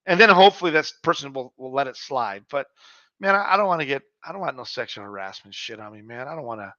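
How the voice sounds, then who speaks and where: A man's voice: medium pitch, animated, fast talker, bright, forceful tone, no echo, lo-fi sound. Laid-back middle-aged man telling stories. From Mexican heritage. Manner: laid-back storyteller, swears freely, says "man" and "dog". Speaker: podcast co-host. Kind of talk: casual podcast chat.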